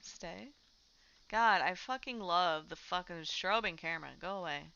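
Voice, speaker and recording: A woman's voice: lowish voice, normal speed, pushed and bright, smooth. A woman streamer chatting casually while playing a game and talking to her cat. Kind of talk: casual chat while gaming. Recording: dull lo-fi mic.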